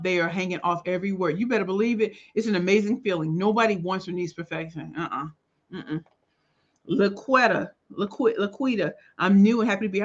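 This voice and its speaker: Female livestream host, animated and slangy, a bit tired, dull lo-fi sound. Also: medium pitch. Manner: animated, greets viewers by name, slangy. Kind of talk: casual livestream chat.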